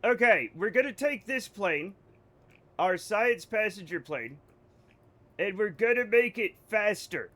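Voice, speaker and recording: This American livestreamer talks to his chat in a jokey, rambling, casual way as he plays a game. His voice is high, animated and fairly bright, at a measured pace.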